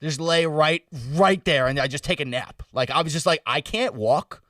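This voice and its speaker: A young man casually telling a story on a podcast, loose and animated, with lots of "like" and "bro". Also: a little high, moderate pace, dry recording, recorded from a distance. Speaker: podcast co-host. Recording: dry sound, set back from the mic.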